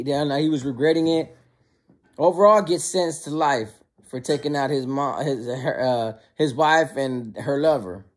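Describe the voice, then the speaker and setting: A man who served time, casually telling prison stories in a slangy, animated way. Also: fairly high pitch. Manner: slangy and conversational, often calls listeners bro; animated, acts out quoted lines. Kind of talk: casual storytelling to camera.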